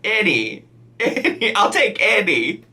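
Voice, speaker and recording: A man reacts to a cooking video with incredulous, teasing commentary, laughing as he goes. His voice is bright and swings widely in pitch. He speaks at an unhurried pace. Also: sing-song, slight background noise. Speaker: reaction channel host.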